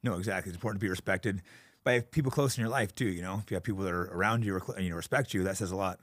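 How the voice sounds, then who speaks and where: A man hosting a studio podcast, blunt and agreeable, quick to back up his guest. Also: low-pitched, a bit bright, no room sound. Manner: blunt, agreeable, frequent backchannel. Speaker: podcast host. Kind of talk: casual podcast conversation.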